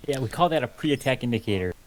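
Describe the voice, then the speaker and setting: Quick-talking man chiming in. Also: mid-range voice, lively intonation, poor audio. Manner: brief agreeing remarks.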